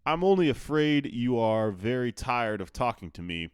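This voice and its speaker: A man's voice: mid-range voice, sing-song, normal speed, smooth, no room sound, studio quality, voice pushed up, close to an everyday voice. A man voicing an eager, outspoken teenage girl. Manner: eager, polite, raised voice.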